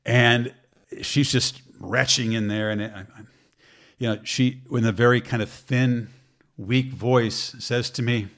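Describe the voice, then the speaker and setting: Animated middle-aged man telling stories. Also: mid-range voice, unhurried. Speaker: sports broadcaster guest. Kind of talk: casual chat, storytelling.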